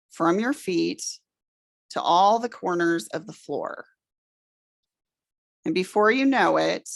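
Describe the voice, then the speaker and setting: A middle-aged woman leading a room through a guided relaxation exercise, giving slow, soothing instructions. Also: fairly low pitch, vocal fry. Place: presentation room with an audience.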